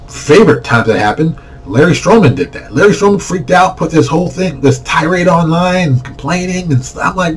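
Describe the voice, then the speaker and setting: A man's voice: a little high, a little mellow, far from the mic, rough recording. A man hosting his own channel, giving a blunt, ranting talk and mocking the voices of the people he criticizes. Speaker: comic book creator and channel host. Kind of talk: blunt vlog rant.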